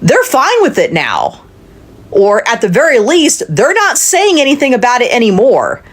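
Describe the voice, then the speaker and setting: A woman giving casual, indignant political commentary. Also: on the high side. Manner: indignant, emphatic.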